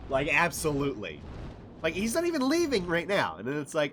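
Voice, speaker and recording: Excitable, profane man streaming a game. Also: a little high, moderate pace, pauses often, a little hiss or hum. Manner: profane, excitable, laughing often. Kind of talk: casual gameplay commentary.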